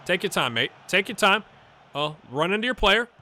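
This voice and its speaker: A middle-aged gaming YouTuber delivers live commentary on his football management game at a normal pace. He swings from low mutters to excited shouts.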